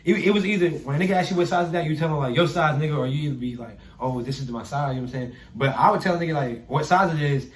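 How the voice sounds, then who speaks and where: A young man telling a story in a casual chat, animated, swearing and acting out the people he quotes. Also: fairly high pitch, racing, hardly any pauses. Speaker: podcast guest, artist. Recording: roomy echo.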